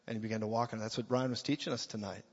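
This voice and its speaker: A man's voice: fairly low pitch, steady tone, rapid-fire, slightly rough. A man preaching a sermon with emphasis, acting out quotes in mock voices. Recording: long reverb, dull lo-fi sound.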